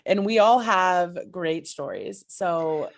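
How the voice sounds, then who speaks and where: A woman's voice: on the low side, animated, slow, gravelly. A woman co-hosting a podcast, gushing through a fan story with lots of giggles. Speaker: podcast co-host. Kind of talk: excited storytelling chat.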